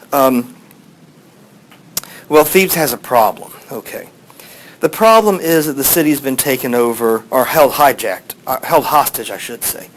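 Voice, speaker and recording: A man's voice: mid-range voice, poor audio. A man teaching a class, telling an old story in a rambling, casual way with many fillers. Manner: rambling, with fillers, playing voices in quotes.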